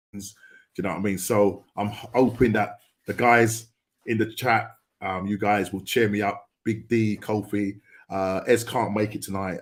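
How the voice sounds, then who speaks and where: Middle-aged guy hosting a podcast, lowish voice, lots of ums, quiet and heartfelt. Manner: halting, full of ums and uhs. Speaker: podcast host. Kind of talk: casual podcast chat.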